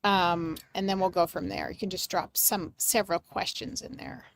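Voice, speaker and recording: A woman hosting a live mediumship reading for her chat, gentle and reassuring, searching for words with many pauses and fillers. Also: mid-range voice, gravelly, a little hiss or hum. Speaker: medium and livestream host.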